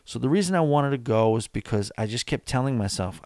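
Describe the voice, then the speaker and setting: A man's voice: medium pitch, normal speed, few pauses, a little mellow, no room sound, clean studio sound. A man hosting a podcast, chatting casually and rambling with lots of fillers late at night while tired and yawning. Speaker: podcast host. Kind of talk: casual solo podcast chat.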